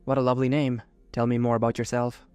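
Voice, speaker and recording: A man voicing an ancient Sith woman's spirit kept in a holocron, speaking with gentle, motherly patience. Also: medium pitch, flat delivery, quick pace, smooth, no echo, soft background music, close to an everyday voice. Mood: kindly.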